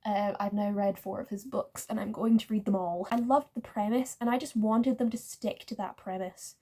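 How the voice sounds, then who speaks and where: A woman's voice: mid-range voice, fairly even intonation, moderate pace, mellow. A woman chatting casually about books she read, rating each one and correcting herself as she goes. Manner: chatty, self-correcting, uses "like" often. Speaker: book vlogger. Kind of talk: casual book review chat.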